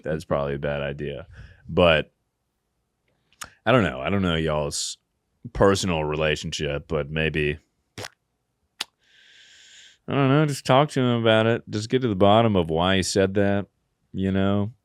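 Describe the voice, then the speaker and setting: A man's voice: low-pitched, normal speed, smooth, no room sound, clean studio sound. A man hosting a podcast, giving crude, joking advice and laughing often. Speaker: podcast host. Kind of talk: casual comedic advice chat.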